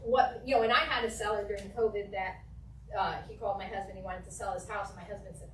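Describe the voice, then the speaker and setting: A woman teaching a live real estate negotiation class to an audience, talking in a lively way and acting out phone calls. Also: mid-range voice, quick pace. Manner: lively, acts out phone calls and client replies. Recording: echoey room from a distance, faint noise.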